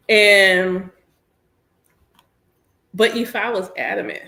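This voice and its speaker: An animated, candid woman in her thirties chats casually while she works, joking as she goes. Her voice sits at a middle pitch for a woman. The room around her is echoey. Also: normal speed. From United States. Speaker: priestess and host. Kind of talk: casual chat while working.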